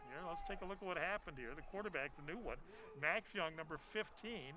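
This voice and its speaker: A man calling a high school football game with folksy, chatty commentary, full of fillers and self-deprecating asides. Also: lively intonation, a little fast, music in the background, rough recording. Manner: folksy, chatty, laughs at himself, lots of fillers. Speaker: play-by-play announcer.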